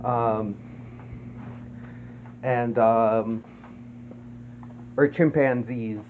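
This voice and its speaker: A man talks through a movie in an easygoing, meandering way, stopping and restarting with lots of fillers and the odd swear. He speaks slowly. The sound is thin and phone-like with a faint hiss behind it. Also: mid-range voice, steady tone. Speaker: movie reviewer. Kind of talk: casual rambling film review.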